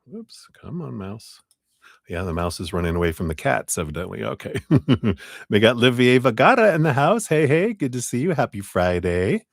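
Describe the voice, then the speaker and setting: A man hosting a live tarot stream, greeting viewers by name, laughing often and muttering quiet asides. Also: medium pitch, big pitch swings, normal speed, creaky, no echo, clean studio sound. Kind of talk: casual live-stream chat.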